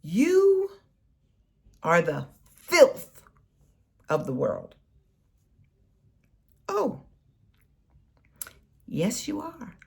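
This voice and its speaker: A woman delivering an impassioned, scolding political rant in a vlog, preaching and swinging between soft and loud. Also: on the high side, huge pitch swings, drawn-out words, creaky, long pauses. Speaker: political commentary vlogger.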